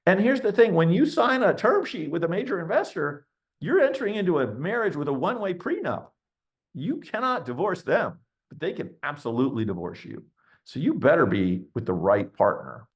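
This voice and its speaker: A middle-aged man, a venture investor speaking as a webinar guest, talking bluntly and candidly, ranting and acting out quoted voices. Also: medium pitch. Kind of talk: candid conversational webinar talk.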